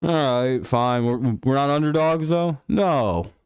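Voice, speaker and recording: A man's voice: medium pitch, measured pace, clean tone, no room sound, clean studio sound. A man hosting a casual live stream, riffing sarcastically and swearing freely. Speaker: podcast host.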